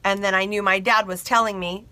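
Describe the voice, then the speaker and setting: Chatty lady telling a story to camera, bright voice, animated and confiding. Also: medium pitch, fairly quick. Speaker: bridal seamstress.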